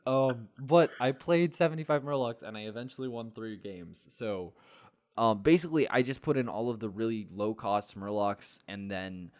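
Man, lowish voice, casual gaming chat, rambling, filler-heavy, dry close sound. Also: normal speed, dry recording. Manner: rambling, many fillers and restarts, laughs often. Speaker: podcast co-host.

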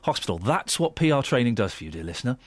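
Fast-talking, animated radio host. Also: male voice, mid-range voice, breathy edge, dry recording. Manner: chatty, teasing, sarcastic. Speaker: radio breakfast show host. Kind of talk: casual banter on radio. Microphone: studio microphone.

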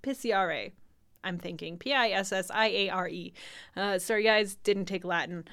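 A woman's voice: medium pitch, fairly even intonation, moderate pace, gravelly, fairly bright tone. A young woman co-hosting a casual podcast, reading word definitions aloud with fillers, stumbles and frequent laughs. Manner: giggly, loose, reads out definitions with stumbles and fillers. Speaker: podcast co-host.

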